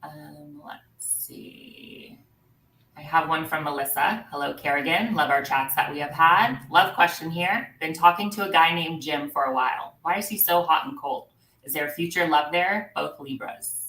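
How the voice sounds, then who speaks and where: A woman's voice: low voice, moderate pace, a bit bright. A woman hosting a live stream and reading out viewers' questions in an easygoing way with frequent ums. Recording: roomy, distant mic.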